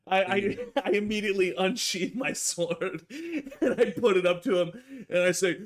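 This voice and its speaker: A man's voice: high-pitched, lively intonation, unhurried. A young man playing in a tabletop game, giggling and boasting in character. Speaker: player. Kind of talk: tabletop role-play, casual.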